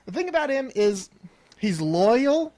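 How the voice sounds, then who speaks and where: A young man with a high voice co-hosts a casual podcast, his pitch leaping around as he jokes and teases. The sound is dry and close, with no room around it. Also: big pitch swings, a little slow, a little mellow, no echo. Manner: joking, playful, throat-clearing. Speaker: podcast co-host.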